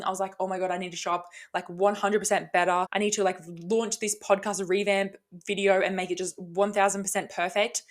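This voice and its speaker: Woman podcaster on her own, chatty and sweary, hyped-up tough-love pep talk. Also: medium pitch. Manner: energetic, sweary, motivational. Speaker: podcast host. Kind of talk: casual solo podcast talk.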